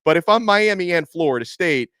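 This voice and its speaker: A man's voice: a little high, animated, a little fast, a bit bright, no echo, studio quality. A man hosting a sports talk show, chatty with many asides, answering viewer comments. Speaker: podcast host.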